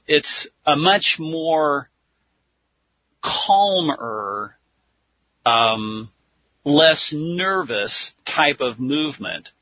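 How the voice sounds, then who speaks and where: A man teaches methodically in a slow, unhurried delivery and counts out his points step by step. His voice is husky, and the dry, dull lo-fi recording has no room echo. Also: medium pitch. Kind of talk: religious teaching talk. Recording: dull lo-fi sound.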